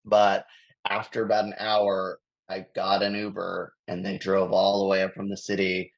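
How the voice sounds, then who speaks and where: A man's voice: deep voice, completely flat delivery, normal speed, lo-fi sound. An American man from Los Angeles, a touring comedian, telling a rambling story on a video call, chuckling often. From Los Angeles, USA. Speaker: guest, touring improv comedian. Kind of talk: casual storytelling.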